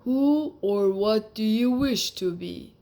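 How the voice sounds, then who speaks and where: A woman voicing a calm, mysterious magic lizard in a storybook, speaking slowly and solemnly. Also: mid-range voice. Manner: slow, solemn and measured.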